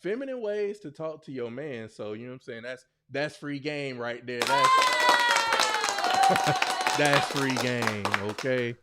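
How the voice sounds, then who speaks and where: Laid-back man hosting a podcast, lively pitch. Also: moderate pace, hardly any pauses. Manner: loose, joking, reads lines off a screen with animated mock voices. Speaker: podcast host. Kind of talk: casual solo podcast chat.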